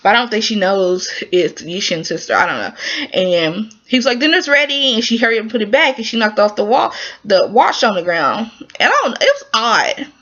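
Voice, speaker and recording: A woman with a mid-range voice talks a little fast as she casually recaps a TV drama episode. Her storytelling is animated and emotional, chatty and informal, packed with fillers. The recording is muffled and lo-fi.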